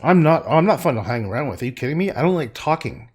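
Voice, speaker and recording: A middle-aged man chatting casually and gruffly while he paints on a livestream, swearing and laughing often. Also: on the high side, sing-song, quick pace.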